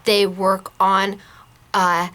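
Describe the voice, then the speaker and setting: A woman hosting a casual craft tutorial, chatty and bubbly and quick to laugh. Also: medium pitch, flat delivery, pushed and bright. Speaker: host of a scrapbooking shop channel.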